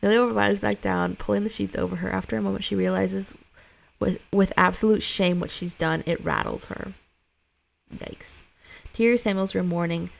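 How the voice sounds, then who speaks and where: Gravelly woman reading a screenplay aloud. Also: mid-range voice, fairly even intonation, a little fast. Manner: blunt, sweary side comments. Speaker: script reader.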